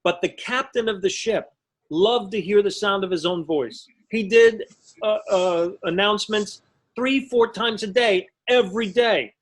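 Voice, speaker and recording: A man's voice: sits high, measured pace, rough recording. A man in his forties doing a conversational stand-up routine over a video call, telling stories with self-mocking punchlines. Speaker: stand-up comedian.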